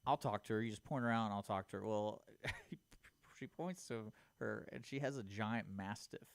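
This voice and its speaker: Lower-voiced man telling funny stories. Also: normal speed, vocal fry, dry recording. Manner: laughing storyteller acting out quoted dialogue. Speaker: radio co-host. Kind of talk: casual storytelling.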